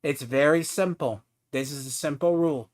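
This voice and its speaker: A man's voice: fairly high pitch, normal speed, a little mellow. A man streaming a game, ranting at another player in a profane, taunting, mocking way. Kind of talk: heated live-stream rant at a player.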